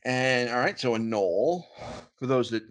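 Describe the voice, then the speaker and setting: A man's voice: medium pitch, expressive, measured pace. A man hosting a casual podcast, playfully running a word game with his co-host. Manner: playful, reads aloud with a put-on pirate lilt.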